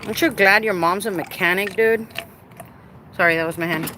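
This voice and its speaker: In an outdoor recording with clear background noise, a playful, talkative vlogger chats with viewers on a live stream as she works on her car. Her medium-pitched voice moves a little fast.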